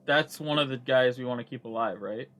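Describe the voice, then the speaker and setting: A man's voice: medium pitch, fairly quick, fairly bright tone, soft background music. A man playing in a tabletop game, eager and earnest as he asks questions. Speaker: player.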